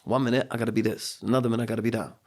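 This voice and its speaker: A man's voice: medium pitch, steady tone, very fast, a little mellow. A middle-aged man, a coach and speaker, telling personal stories on a podcast in an earnest, motivational way. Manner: earnest, motivational, acts out quotes. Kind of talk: reflective podcast storytelling.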